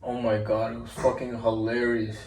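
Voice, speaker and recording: A man's voice: mid-range voice, completely flat delivery, moderate pace, darkish tone. A young man co-hosting a casual podcast, laughing as he tells stories. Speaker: podcast co-host. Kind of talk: casual chat. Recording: roomy room, mic at a distance, faint noise.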